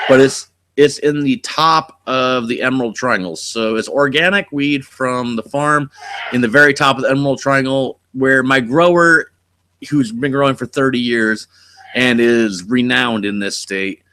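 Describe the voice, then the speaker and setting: A man from California chats on a home live stream in a rambling, easygoing way. He swears freely as he tells his stories. His voice has a bright, forward tone at an average pitch. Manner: rambling, laid-back storytelling with frequent swearing. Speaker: channel host. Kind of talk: casual live-stream chat. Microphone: desk mic.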